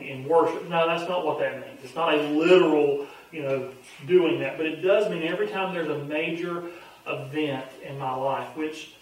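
A man's voice: a little high, distant mic. A man, a pastor teaching a Bible study in a folksy, earnest, conversational way with frequent fillers. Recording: very echoey room, voice off-mic with faint hum.

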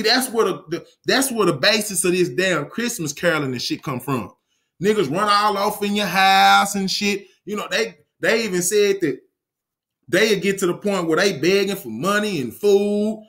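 A man with a notably high speaking voice delivers a heated monologue lecture. He talks profanely and confrontationally, hammering his points and breaking off mid-sentence to start over. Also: bright, forceful tone. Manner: profane, emphatic, confrontational, frequent restarts. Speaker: online lecturer.

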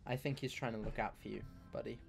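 A man's voice: lowish voice, fairly even intonation, fast, gravelly, soft background music. A man chatting casually while streaming a game, playful and teasing, often repeating himself. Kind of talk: casual gameplay chat.

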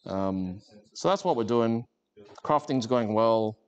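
A man with a mid-range, lively voice chats slowly and casually with viewers while crafting on a livestream. He rambles and jokes, using lots of fillers, and the audio is lo-fi.

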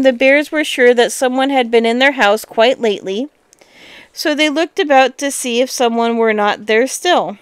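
Smooth-voiced woman reading a fairy tale. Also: high voice, moderate pace, no echo. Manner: expressive, with lively exclamations. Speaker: storyteller.

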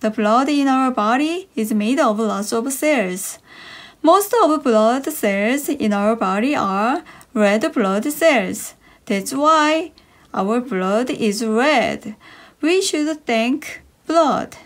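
A woman reads short picture-book passages aloud for young learners. Her voice sits high and leaps up and down with every phrase. She takes her time, stretching each sentence out slowly. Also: animated. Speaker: reader of children's English stories. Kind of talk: slow expressive read-aloud for kids.

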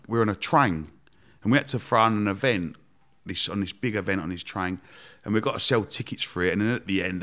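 A young man telling a story in a casual interview, animated and swearing, acting out the people he quotes. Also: fairly low pitch. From Romford, England. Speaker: guest entrepreneur.

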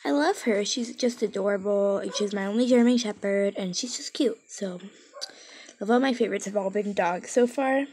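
A woman's voice: medium pitch, moderate pace, darkish tone, slightly rough. A woman chatting casually from her bedroom as she shows off her toy collection, bubbly and rambling, with whispered asides. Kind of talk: casual chat.

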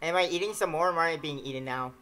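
A man hosts a horror game let's play, reading the text aloud and reacting in an animated, sweary way. His voice is bright with a lot of forward energy. Faint game music plays behind him. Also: on the high side, fast, low-quality recording. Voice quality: animated, swears when startled. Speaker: gaming channel host.

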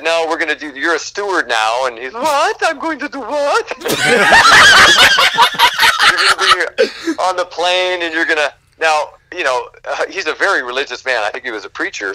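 A man, a guest actor, telling animated stories from film sets in a casual interview and acting out quotes, swearing freely. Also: fairly high pitch, brisk, very noisy.

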